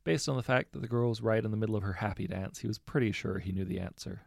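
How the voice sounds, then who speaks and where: A man narrating a fan fiction audiobook in a steady, wry storytelling manner. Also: on the low side, quick pace, creaky, no room sound, clean studio sound.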